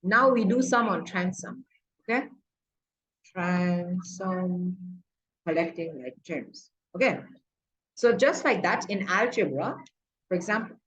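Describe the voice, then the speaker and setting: A woman's voice: lowish voice, lively intonation, takes it slowly, long pauses, fairly bright tone, dull audio. A young woman in a casual screen-recorded math tutorial, chatty and playful, checking in often with the viewer. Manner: chatty, playful, many okays and asides. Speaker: student explaining a lesson.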